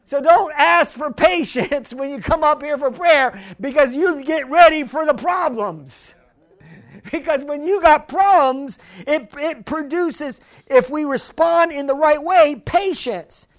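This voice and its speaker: A woman preaching a sermon, emphatic, repeating key phrases and stumbling into restarts, slowing right down to stress a point. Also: sits high. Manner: slows down hard to stress lines.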